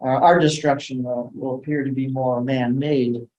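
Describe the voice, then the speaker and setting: A man's voice: medium pitch, little pitch movement, normal speed, darkish tone, highs cut off. A man giving a rambling lecture talk, with many hesitations and restarts. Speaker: guest speaker. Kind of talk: lecture talk on sacred sites and ancient myths.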